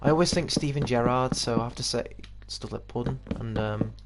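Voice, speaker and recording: A young man with a slightly posh English accent rambles through casual gameplay commentary, laughing at himself as he goes. His voice has a gravelly edge, and the recording is noisy with mouse clicks behind. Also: mid-range voice, a little fast. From United Kingdom. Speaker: gaming YouTuber.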